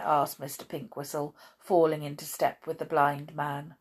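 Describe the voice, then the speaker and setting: A woman reading a children's story aloud, slow and expressive with hushed moments. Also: sits low, slightly rough.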